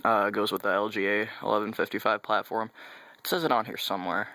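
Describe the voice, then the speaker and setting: A man's voice: fairly low pitch, little pitch movement, brisk, sharp tone, no echo. A young man vlogging a casual, rambling overview of his computer parts, correcting himself and making sarcastic asides. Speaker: YouTube vlogger. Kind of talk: casual tech hardware overview.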